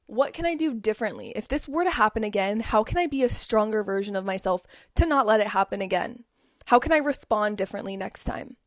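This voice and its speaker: A young woman hosting a casual motivational talk from home, emphatic, repeating key words and dropping into soft asides. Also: a little high, no room sound, studio quality. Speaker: host.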